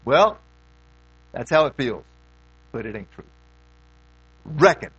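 A middle-aged man preaching a sermon in a folksy way, swinging between loud questions and hushed asides. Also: medium pitch, big pitch swings, slow pace, pauses often, husky, no echo, highs cut off.

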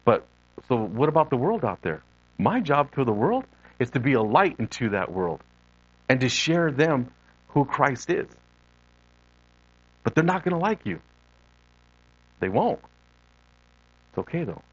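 A man's voice: medium pitch, unhurried, pauses often, dry recording, lo-fi sound. A middle-aged man, a lay preacher and missionary, giving an unscripted sermon full of personal stories and acting out the voices he quotes. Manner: earnest storytelling, animated quoted voices.

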